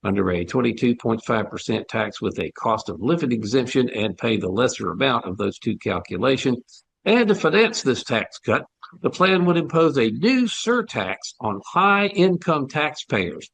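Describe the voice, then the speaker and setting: A man's voice: medium pitch, very animated, normal speed, creaky, fairly bright tone, slightly rough, no room sound. A man co-hosting a talk show, giving sarcastic, folksy commentary on policy with plenty of fillers. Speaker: podcast co-host.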